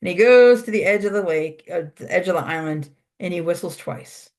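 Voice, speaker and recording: An instructor tells a folk tale aloud to a class at an easy pace. The voice sits at a middle pitch, and words are repeated for rhythm. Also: a little fast. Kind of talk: oral storytelling in a class.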